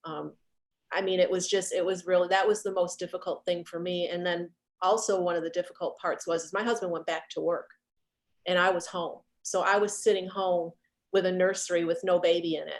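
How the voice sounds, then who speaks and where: A middle-aged woman, a guest on a video call, talking about grief in an earnest, halting way and repeating herself as she remembers. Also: fairly low pitch, steady tone. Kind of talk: heartfelt conversation about grief.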